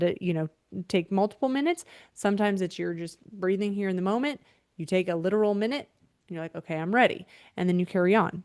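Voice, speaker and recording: A woman coaching parents with animated, emphatic energy, often pausing to check that listeners are following. Her pitch sits in an ordinary middle range. The sound is close and dry, with no room echo. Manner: animated, emphatic teaching with frequent "okay?" check-ins. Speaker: biblical behavior coach. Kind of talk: parenting advice talk.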